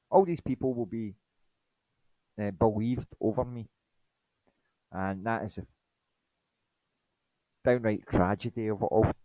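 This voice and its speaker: Low-voiced, indignant man. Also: dry recording, dull audio. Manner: indignant, rambling, dismissive. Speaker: presenter. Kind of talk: monologue presentation.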